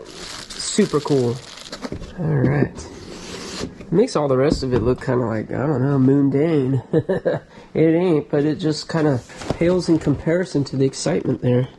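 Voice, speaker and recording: A man hosting a vlog who excitedly shows off his storage locker finds and thinks aloud as he goes, recorded on a camera inside a storage locker. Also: medium pitch, normal speed, pauses often, slight background noise, rough recording. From United States. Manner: enthusiastic, thinks aloud, drops into whispers. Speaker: storage locker reseller and channel host. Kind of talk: casual vlog, excited show-and-tell of finds. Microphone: GoPro camera.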